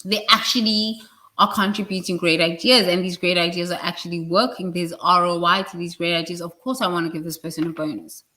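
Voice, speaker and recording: A woman's voice: lowish voice, little pitch movement, brisk, sharp tone. A woman giving a blunt, preachy motivational talk about work and responsibility, swearing freely. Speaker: leadership speaker.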